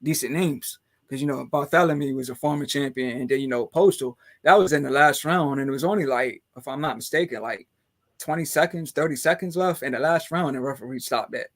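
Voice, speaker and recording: A man's voice: medium pitch, a little fast. A man hosting a casual podcast chat who rambles along, filling his talk with "man" and "you know". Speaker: podcast host.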